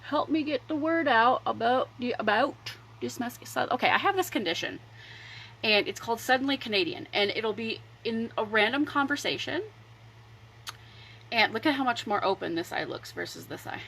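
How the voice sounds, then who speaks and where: A woman hosting a casual makeup livestream, rambling chattily between applying mascara and pitching her products. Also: animated, moderate pace, a bit bright, a little hiss or hum, poor audio. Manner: chatty and rambling, drifting between demo and sales talk. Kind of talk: casual makeup tutorial chat.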